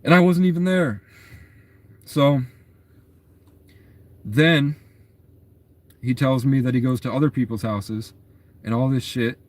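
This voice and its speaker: A man's voice: mid-range voice, takes it slowly, pauses often, dry recording. A young adult man telling a long story in a rambling, agitated way, in a casual monologue.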